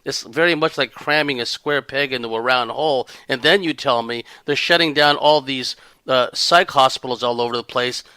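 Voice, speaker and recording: A man's voice: mid-range voice, moderate pace, sharp tone, clear, resonant tone, dry recording. A man hosting an interview, offering thoughtful commentary with filler words. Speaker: interviewer host. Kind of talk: casual interview talk.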